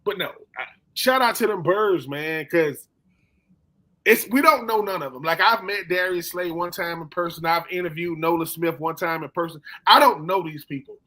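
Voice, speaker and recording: A man hosting a casual sports chat, telling animated stories and acting out quotes in slangy talk. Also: fairly high pitch, moderate pace. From Philadelphia. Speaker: podcast host.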